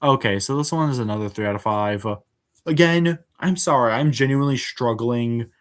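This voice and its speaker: At medium pitch and normal speed, a man hosts a casual spoken review of a show. He hesitates a lot, filling gaps with filler words and restarting sentences, and sounds frank and exasperated.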